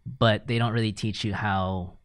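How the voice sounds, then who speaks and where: A man's voice: lowish voice, steady tone, moderate pace, smooth, dry recording. A man co-hosting a podcast, telling stories in a chatty way and laughing often. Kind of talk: casual podcast chat.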